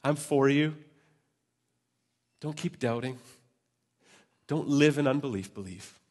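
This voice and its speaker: Brief: man doing Jesus, tender and soft-spoken, gently coaxing a doubter, middle pitch. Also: slow pace. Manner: soft, hushed and intimate.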